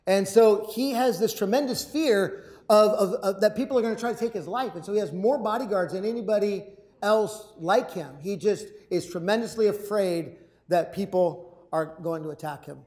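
A public speaker gives a motivational talk to a live audience, telling a personal story with energy. His voice sits high at a normal speed, and he acts out shouted lines and repeats words often.

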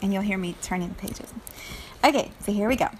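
A woman reads a children's picture book aloud in a relaxed, chatty way. She laughs often and stops to describe the illustrations between the lines of the story. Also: medium pitch, brisk, breathy edge.

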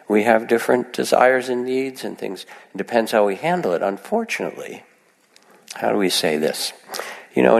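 A man giving a gentle, reflective meditation talk to a live audience, with soft asides in other voices. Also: deep voice, creaky, long reverb tail. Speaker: meditation teacher. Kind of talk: dharma talk.

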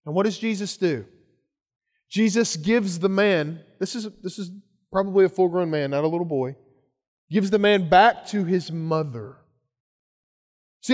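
A man preaching a sermon with a high, light voice. He speaks earnestly, doubling back on his words as he builds each point. The sound rings with the long reverb of a big hall. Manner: earnest preaching with repeated phrases and restarts. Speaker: pastor.

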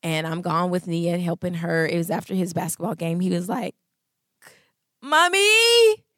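A woman in her thirties giving a Christian talk on marriage, expressive and full of acted-out voices. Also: lowish voice, a little fast, dry recording, studio quality. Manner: expressive, acts out voices, laughs. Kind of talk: animated storytelling talk.

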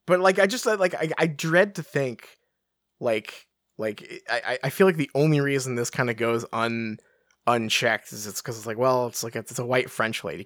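A podcast co-host in casual book-discussion chat, rambling and animated, full of fillers. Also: medium pitch, no echo, clean studio sound. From England.

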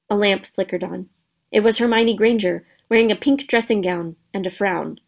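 A woman reading a children's storybook aloud as narrator, steady and expressive. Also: mid-range voice, moderate pace, vocal fry. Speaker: audiobook narrator.

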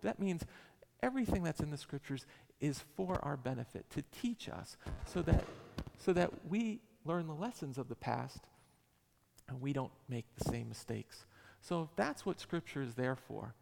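Man, gravelly, 40s, pastor, emphatic sermon, long church reverb. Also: a little high, animated, normal speed, a little mellow. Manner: emphatic, repetitive preaching cadence.

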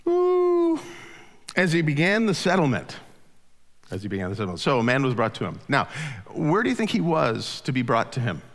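A man preaching a sermon who keeps asking the congregation questions, swinging between loud, urgent lines and hushed ones. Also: mid-range voice, expressive, quick pace. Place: church sanctuary with congregation. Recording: long hall reverb.

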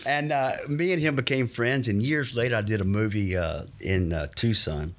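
A man telling long stories from his life in a relaxed, rambling interview, stumbling over words with many uh's and acting out the people he quotes. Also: medium pitch, moderate pace. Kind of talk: casual anecdotal storytelling.

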